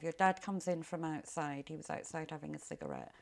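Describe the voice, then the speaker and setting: Soft-spoken middle-aged woman with a creaky voice. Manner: quiet, halting storytelling that often sinks low. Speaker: bereaved mother interviewed. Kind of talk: documentary interview recollection.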